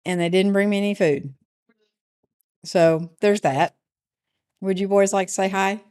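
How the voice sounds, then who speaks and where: A woman's voice: medium pitch, steady tone, unhurried, darkish tone, smooth. A middle-aged woman hosting a casual livestream from her home, chatting loosely and answering viewers' comments. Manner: rambling and chatty, often adds "right?". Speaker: livestream host reading chat.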